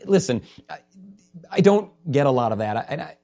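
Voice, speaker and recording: A male pastor preaches a passionate sermon in a warm, sing-song, mid-range voice, moving briskly and now and then rising to a holler. The recording is dull and lo-fi.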